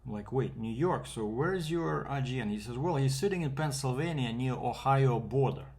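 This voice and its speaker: A man's voice: medium pitch, moderate pace, darkish tone. A man from Canada, a freight broker, telling a rambling casual story with fillers and quoted back-and-forth.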